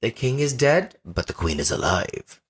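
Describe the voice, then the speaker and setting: A man's voice: medium pitch, big pitch swings, moderate pace, a little hiss or hum. A man hosting a movie commentary podcast, chatting casually, laughing easily and talking straight to the listeners. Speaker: podcast host.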